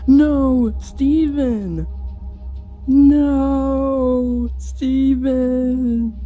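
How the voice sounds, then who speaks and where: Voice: medium pitch, very animated, normal speed, mellow, muffled recording, faint music behind, lightly acted. A reader doing a wailing grief-struck teen boy. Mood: grieving.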